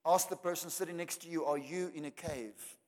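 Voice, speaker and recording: A man preaching a sermon, swinging between loud climaxes and quiet asides. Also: a little high, brisk. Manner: dramatic preaching with rising shouts and soft drops. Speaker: pastor. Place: church hall. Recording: long hall reverb.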